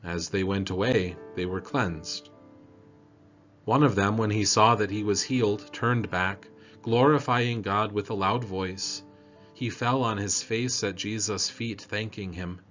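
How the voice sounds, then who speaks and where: A man leading a church devotion, reading scripture and prayers in a measured, solemn way. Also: fairly low pitch, fairly bright tone. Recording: dull lo-fi audio with faint music.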